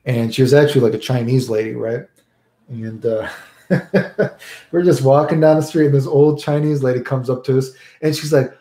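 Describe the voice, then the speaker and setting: Mellow and medium in pitch, this man's voice moves at a moderate pace as he rambles through a casual stream, answering what viewers ask. "Right?" pops up at the end of many sentences, and the room sound is noticeable.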